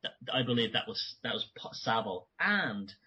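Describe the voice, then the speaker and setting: Guest man, bright and tense, a bit husky; animated, restarts often. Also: medium pitch, moderate pace. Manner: animated, many restarts and asides. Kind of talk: conversational interview. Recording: dull lo-fi audio.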